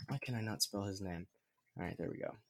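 A man's voice: deep voice, fast talker, gravelly, fairly bright tone, slight background noise. Man explaining history in a rambling way. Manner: rambling, many fillers and restarts. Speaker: podcast host explaining history. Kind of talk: casual explanatory chat.

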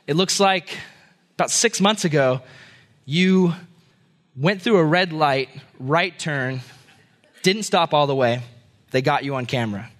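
A steady, matter-of-fact middle-aged father who delivers bad news without fuss, as a man puts him on. His voice sits a few steps lower than the storyteller's own. The delivery stays even and unhurried. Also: natural voice. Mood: serious.

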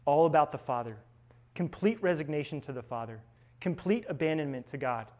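This young seminarian's voice is on the high side, a little mellow, animated and a little fast. His conversational spiritual reflection is built on stories, with frequent tag questions.

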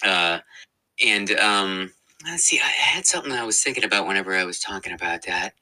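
A man talking casually about his work as a voice actor, his voice very bright and forceful. His pitch swings widely as he talks, and he laughs easily and circles back with lots of fillers and restarts. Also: a little fast, low-quality recording. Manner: animated, laughs often, many fillers and restarts. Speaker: voice actor guest. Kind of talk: casual interview chat.

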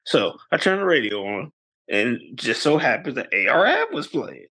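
Animated gravelly-voiced man telling a story. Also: moderate pace. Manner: animated, jumps into high voices when quoting people. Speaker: podcast co-host. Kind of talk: casual storytelling chat.

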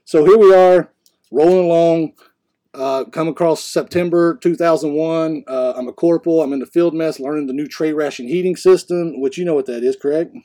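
A man's voice: fairly high pitch, normal speed, warm tone. A man co-hosting a podcast, telling rambling stories in a casual way, often restarting his sentences. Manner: rambling, self-correcting anecdotes. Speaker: podcast co-host. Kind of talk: casual storytelling.

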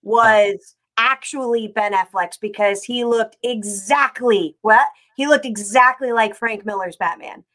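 A woman's voice: on the high side, measured pace, few pauses. Chatty woman rambling about films. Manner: rambling, animated, many fillers. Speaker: podcast co-host. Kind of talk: casual chat.

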